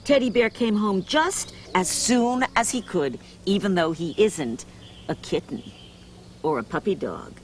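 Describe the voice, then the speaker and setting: A woman voicing a patient mother who speaks low and firmly to her little son in a storybook reading. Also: animated, a little slow, a little hiss or hum, lightly acted. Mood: kind.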